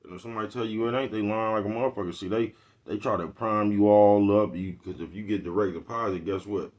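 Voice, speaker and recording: Deep-voiced man ranting casually on a livestream. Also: fairly even intonation, fast talker, darkish tone, dull audio. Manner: streetwise slang, keeps asking "you know what I'm talking about". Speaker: livestream vlogger.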